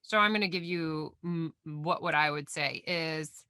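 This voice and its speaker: A woman's voice: lowish voice, fairly even intonation, unhurried, hardly any pauses, pushed and bright, no room sound, clean studio sound. A woman hosting a solo podcast, chatty and encouraging as she gives sales coaching.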